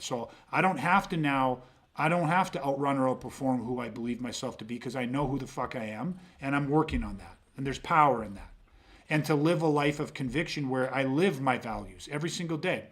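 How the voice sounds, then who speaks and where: A middle-aged man on a podcast, talking intensely and swearing often, with frequent restarts as he builds a point. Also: medium pitch. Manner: intense, profane, repeats words when starting sentences. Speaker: podcast host. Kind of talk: casual podcast conversation.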